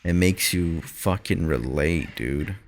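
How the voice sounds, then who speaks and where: Chill podcast cohost, low deep voice, casual, says dude and swears. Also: male voice, takes it slowly, gravelly. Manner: laid-back, profane, says "dude". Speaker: podcast co-host. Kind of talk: casual chat.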